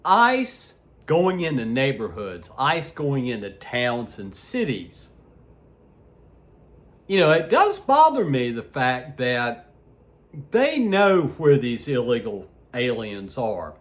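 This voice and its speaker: Heated man ranting slowly with wild pitch swings. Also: huge pitch swings. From United States. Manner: heated, swinging between shouts and low asides; crude and blunt, laughs at his own jabs. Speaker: political vlogger. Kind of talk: ranting opinion vlog.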